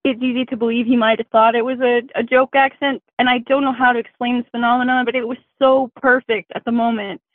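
A woman's voice: a little high, level tone, fast talker, hardly any pauses, no room sound. A woman calling into a podcast, telling her story in a chatty, self-deprecating way. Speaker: caller. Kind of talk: casual phone call-in. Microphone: phone line. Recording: tinny dry phone line.

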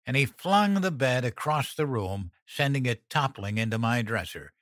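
A man's voice: medium pitch, lively intonation, moderate pace, few pauses, fairly bright tone, dry recording, studio quality. Man narrating a tense horror story. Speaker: audiobook narrator. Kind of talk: scripted first-person horror narration.

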